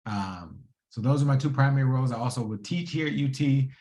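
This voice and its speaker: A man of middle pitch tells his story as a guest in his thirties, casual and slangy. He talks animatedly and bounces through his anecdotes. The sound rings with a roomy echo. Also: a little fast. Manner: animated, acts out quoted dialogue in a casual slangy way. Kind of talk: conversational storytelling.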